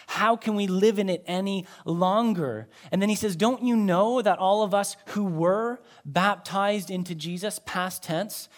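A pastor with a high voice delivers a sermon in a relaxed, talking-it-through way. He moves between emphatic, louder lines and soft, low asides. He is a man speaking to his congregation. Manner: conversational preaching, emphatic rises and quiet drops.

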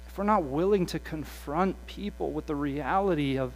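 A man preaching a sermon with passion, swinging from hushed asides to loud, animated quoted voices. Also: a little high, moderate pace, slight background noise, poor audio.

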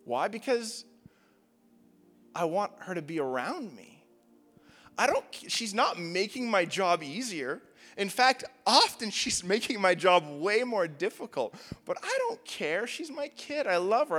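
A man's voice: high voice, big pitch swings, a little slow, fairly bright tone, in a large hall, soft background music. A young man preaching a sermon, casual and joking, with lots of filler words. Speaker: pastor. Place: church hall.

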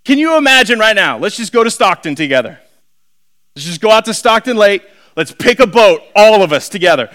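A pastor preaching a sermon, animated, acting out quoted voices and swinging between shouting and quiet asides. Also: male voice, sits high, quick pace.

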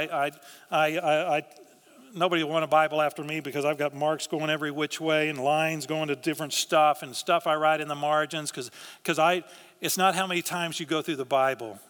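A man preaching in a church, his voice bright and forceful, a little higher than most men. He talks earnestly and conversationally, often restarting his words. The sound hangs in the long reverb of a large hall. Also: smooth. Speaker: pastor. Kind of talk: sermon.

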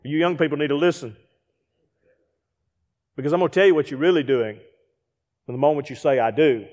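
Guest preacher, middle-aged man, high-pitched, lively delivery with mimicked voices, reverberant church hall. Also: a little fast. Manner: animated preaching with acted-out asides and rhetorical questions. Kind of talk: sermon.

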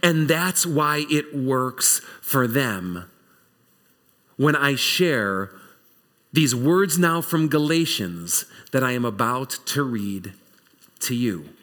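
A man preaching a sermon, telling the story in an animated, conversational way. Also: mid-range voice, slow. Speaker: pastor.

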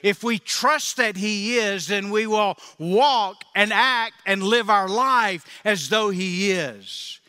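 A man's voice: sits high, slow, few pauses, pushed and bright, clean tone, long reverb tail. A male pastor preaching a sermon with emphatic, repeating phrases, in a church.

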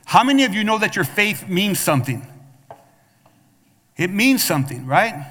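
Here a male pastor preaches in a high, sing-song voice that is bright and forceful, at normal speed. The church sanctuary adds long hall reverb as he calls out for responses and often restarts his phrases with repeats.

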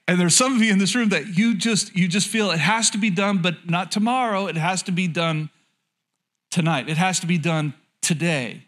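A man's voice: high-pitched, a bit bright. A man preaching a sermon to his congregation in a hall, in a candid, lightly joking way, repeating phrases and asking the room questions. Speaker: pastor.

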